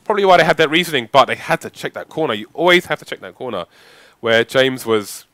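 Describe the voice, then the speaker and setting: A man's voice: mid-range voice, lively intonation, fast talker, fairly bright tone, dry recording. Guy doing color commentary on a shooter match, mid voice, chatty, explains positions. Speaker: esports caster. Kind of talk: live game commentary.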